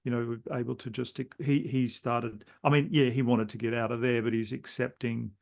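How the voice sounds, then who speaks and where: A man's voice: mid-range voice, little pitch movement, moderate pace, vocal fry, darkish tone. A man hosting a podcast interview, telling stories in a meandering, reflective way. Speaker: podcast host. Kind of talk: casual conversational interview.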